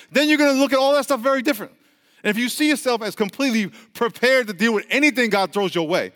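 A man's voice: sits high, fairly bright tone, big-room sound. A man preaching a sermon, telling stories and calling out to his congregation. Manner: storytelling with call-and-response to the congregation. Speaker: pastor.

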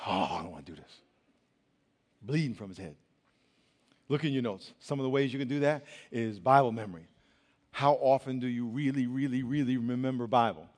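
A young man preaching as a youth pastor, animated and colloquial, swinging between loud and hushed. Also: mid-range voice, fairly quick. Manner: colloquial, says y'all. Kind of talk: sermon. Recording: long reverb of a large hall.

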